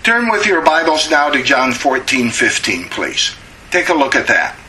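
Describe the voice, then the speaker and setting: A middle-aged man teaches a Bible study in a conversational sermon style, asking rhetorical questions and pausing with frequent "uh"s. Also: fairly high pitch, big pitch swings, sharp tone, slight background noise, low-quality recording.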